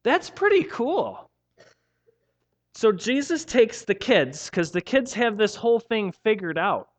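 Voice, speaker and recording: A man preaching a sermon, telling the story in a playful, animated way with casual slang. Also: sits high, unhurried. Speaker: pastor.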